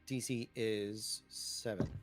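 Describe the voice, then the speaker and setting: A man's voice: fairly low pitch, steady tone, slow, music in the background. A man running a tabletop game as game master, giving matter-of-fact rulings and vivid narration.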